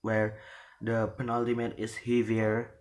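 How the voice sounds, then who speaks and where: A man giving a spoken lesson on word stress, halting and often repeating words as he restarts his phrases. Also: lowish voice, monotone, a little mellow. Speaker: presenter explaining word stress.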